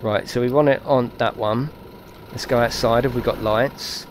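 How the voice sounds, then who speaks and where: A man giving excitable, chatty live commentary while streaming a game and talking to his viewers. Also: medium pitch, moderate pace, a little hiss or hum.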